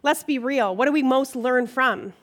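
A middle-aged woman giving a conversational sermon at a church gathering, animated and emotional, often checking in with her listeners. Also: high-pitched, moderate pace. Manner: animated, emotional, frequent "okay?" check-ins. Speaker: women's ministry speaker.

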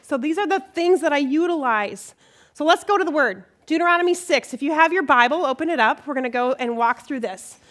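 A middle-aged woman giving a conversational sermon at a church gathering, animated and emotional, often checking in with her listeners. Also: high voice, a little fast. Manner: animated, emotional, frequent "okay?" check-ins. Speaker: women's ministry speaker.

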